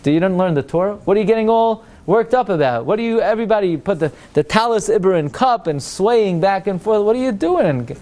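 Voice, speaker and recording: A man voicing a nonchalant worshipper who shrugs off everyone's worry with incredulous, mocking questions, in a slightly higher voice. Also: lively intonation, fast, hardly any pauses, darkish tone. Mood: breezy mockery.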